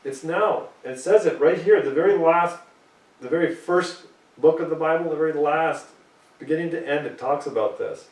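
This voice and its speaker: A man's voice: a little high, normal speed, reverberant, far from the mic, poor audio. A man preaching a sermon, reading scripture aloud and pressing his points emphatically.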